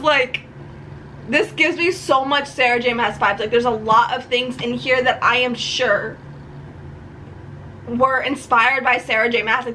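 A woman's voice: sits high, pushed and bright, a little hiss or hum, poor audio. A young woman from New chatting casually in a book vlog at home, rambling and gushing with frequent laughs. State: tearful. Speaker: book vlogger. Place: home room.

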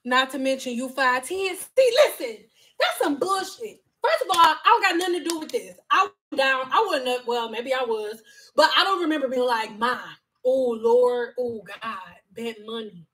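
A woman's voice: high-pitched, moderate pace. A woman in her thirties chatting casually as a vlogger, telling stories in a frank, profane, joking way and acting out the people she quotes. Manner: animated storytelling with acted quotes. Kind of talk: casual chat.

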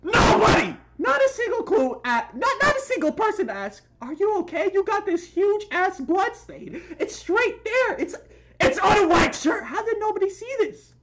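A woman hosting a comedic reaction video, loud and incredulous, swearing and exclaiming, dropping to a low voice and jumping back high for the jokes. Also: sing-song, moderate pace. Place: at home. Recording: noisy home recording.

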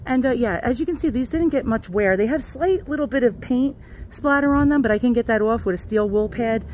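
A woman's voice: fairly high pitch, a little fast, darkish tone, slight background noise. Winded woman rambling through a vlog. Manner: rambling, laughing, swears freely. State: out of breath. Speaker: vlogger. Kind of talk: casual home vlog.

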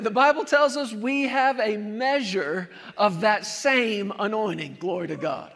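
High-voiced preacher in a reverberant hall. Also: male voice, a little slow, gravelly, few pauses. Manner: animated preaching, acts out scenes with shouted quotes. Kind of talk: sermon.

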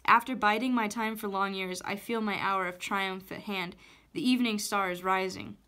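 A scheming, wounded witch, read by a woman in a storybook chapter. She speaks in a coaxing, haughty way, with a mid pitch. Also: fairly even intonation, normal speed, bright, forceful tone, natural voice.

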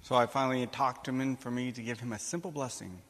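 A male priest giving a sermon, telling a personal story with animated, emphatic delivery and acting out the dialogue. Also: mid-range voice, fast. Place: church or conference hall. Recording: long hall reverb.

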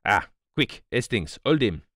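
Guy reading a calm precise detective in an audiobook, placid and grave, low voice that moves around a lot. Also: dry recording, studio quality. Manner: placid, grave, measured explaining.

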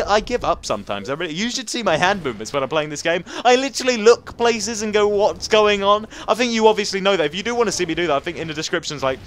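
A young man in his late teens from England talks fast and rambles jokily over a game, and his high voice leaps around wildly. There is a faint hiss behind him throughout. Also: fairly bright tone. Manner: fast, rambling and jokey, with sudden squeaky jumps. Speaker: gaming YouTuber. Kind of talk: casual gameplay commentary.

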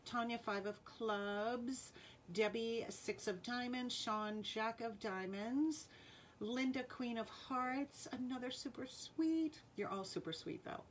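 Rhode Island woman hosting a live jewelry sale; unhurried, friendly chatter, calls out names and cards, faint room hum. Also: a little high. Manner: chatty, reads out viewer names and playing cards. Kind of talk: live-stream sales chat.

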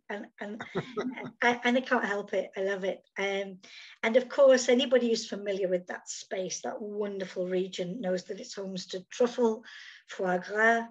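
A woman's voice: mid-range voice, a little slow, lo-fi sound. A woman hosting a casual interview over a video call, chatty and full of fillers, speaking from outdoors in summer. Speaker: host.

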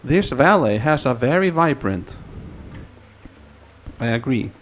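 A man chatting his way through a farming game in a loose, rambling voice. He talks at an unhurried pace, drifts into sing-song repeats, and has faint game music under him. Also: medium pitch, lively intonation. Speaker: let's play gamer. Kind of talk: casual gameplay commentary.

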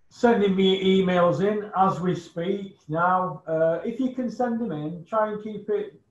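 A man hosting a casual chat show, jokey and chatty. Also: high-pitched. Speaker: host. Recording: echoey dull room sound.

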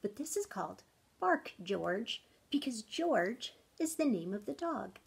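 A woman in her thirties or forties reading a picture book aloud to children, speaking gently and stopping often to ask them questions. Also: a little high, very animated, a little slow, vocal fry, a little hiss or hum. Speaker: storytime reader.

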